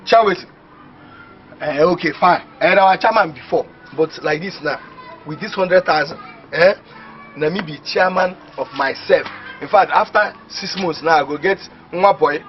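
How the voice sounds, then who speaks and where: Boastful village dreamer played by a high-voiced Nigerian man, laughing, dull lo-fi movie sound. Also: normal speed, faint music behind, natural voice. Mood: scheming. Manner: exclaiming, laughing often, animated. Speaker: actor in a comedy film. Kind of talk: Pidgin comedy film acting. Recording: dull lo-fi film audio.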